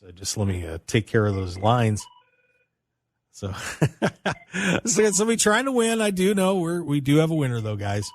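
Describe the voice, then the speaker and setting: A man hosting a radio talk show from a studio by himself, upbeat and animated, hollering and laughing between topics. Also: medium pitch, unhurried, pauses often. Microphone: studio microphone.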